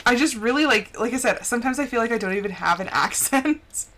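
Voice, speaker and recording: A young woman with a plain General American accent chats on her gaming stream, giggling often as she talks. Her voice sits a little high and swoops lively up and down. She is close on the mic at home, with a faint hiss of noise behind her. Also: brisk. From central United States. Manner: giggly and chatty, laughs often. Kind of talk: casual gaming stream chat. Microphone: close desk mic.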